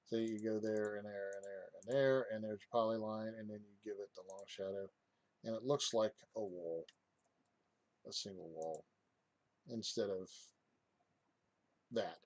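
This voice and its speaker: A man giving a casual software walkthrough, hesitant, with many fillers and restarts. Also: fairly low pitch, fairly even intonation, a little slow, pauses often, no echo. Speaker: software reviewer. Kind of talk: casual screen-recorded tutorial.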